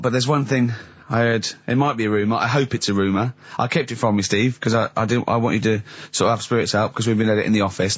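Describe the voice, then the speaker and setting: A man's voice: fairly low pitch, dry recording, lo-fi sound. A man hosting a comic radio show in a studio, teasing and often laughing as he talks. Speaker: radio host.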